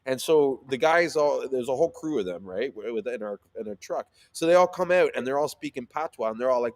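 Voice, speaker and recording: Man chatting casually, lively and animated, heavy on filler words. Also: medium pitch, fairly quick, hardly any pauses. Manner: animated, swears freely, many fillers. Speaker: sea moss seller. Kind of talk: casual storytelling chat.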